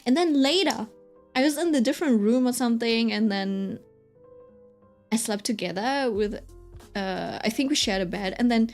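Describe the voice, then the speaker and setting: Rambling woman streamer, slightly high voice. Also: moderate pace, darkish tone, faint music behind. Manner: rambling, filler-heavy, keeps checking in with "right?". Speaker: streamer chatting while drawing. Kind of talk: casual storytelling chat.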